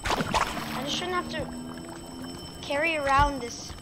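A woman's voice: sits high, takes it slowly. A woman commenting on her own gameplay for viewers, exasperated and frustrated by the game. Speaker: gaming video creator. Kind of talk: let's play commentary. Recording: loud game music behind.

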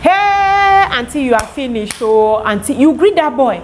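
A woman's voice: high-pitched, expressive, unhurried, a little hiss or hum, voice pushed up. A woman voicing a pushy male scam accomplice with a Cameroonian Pidgin accent, insistent and alarmist. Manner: insistent, warning tone.

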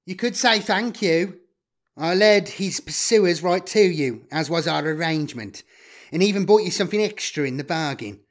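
A man's voice: high-pitched, lively intonation, normal speed, voice pushed up. A man playing a greedy, sardonic human data trader in an audio story. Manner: wheedling, sardonic.

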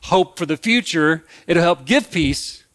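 Folksy, high-voiced man preaching. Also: animated, unhurried, fairly bright tone. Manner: conversational, folksy, repeats and restarts phrases. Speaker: pastor. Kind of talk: sermon.

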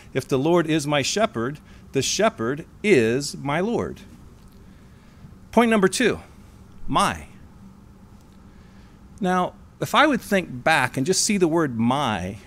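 A man giving a sermon in a church, stressing single words and slowing on key phrases. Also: fairly high pitch. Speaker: sermonette speaker. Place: church hall.

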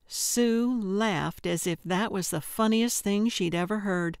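A woman narrating a cozy mystery audiobook in a measured, unhurried storytelling manner. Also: medium pitch, clean tone, dry recording, studio quality. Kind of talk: scripted narration.

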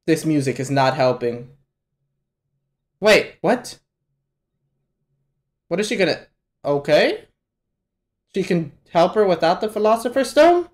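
A young man hosting a live anime reaction, swearing a lot and shouting at the screen in excitement. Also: sits high, takes it slowly, long pauses. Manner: profane, excitable, yells at the screen. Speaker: reaction channel host.

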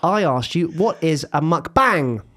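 A man's voice: fairly high pitch, animated, measured pace, a bit bright. A young man hosting a podcast, teasing his mother as he runs a quiz. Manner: teasing, playful quiz-master. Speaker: podcast host. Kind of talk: casual chat.

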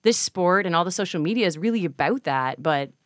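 A woman in her forties, a boxing coach and former fighter, telling stories candidly and animatedly in a relaxed interview. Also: fairly low pitch, a little fast, no echo, studio quality. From Canada. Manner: candid, animated storytelling with frequent laughs. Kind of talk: casual interview chat.

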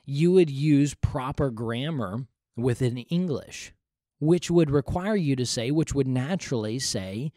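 A man's voice: mid-range voice, expressive, a little slow, dark tone, no echo. Guy doing a bible teaching podcast, earnest, keeps repeating stuff for emphasis, dry close sound. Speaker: podcast host.

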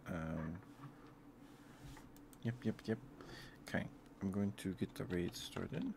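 A man with a low, deep voice chats casually with his stream viewers in a soft, unhurried ramble. He speaks close to the mic from a home streaming setup. A faint hiss sits under his voice. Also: creaky. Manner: laid-back, meandering, soft-spoken. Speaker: ASMR streamer.

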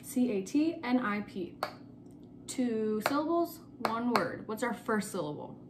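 A young woman teaching a remote spelling lesson to young children, slowly repeating each word and spelling it out letter by letter. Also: a little high, expressive, noisy background. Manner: slow, patient, repeats words and spells them letter by letter.

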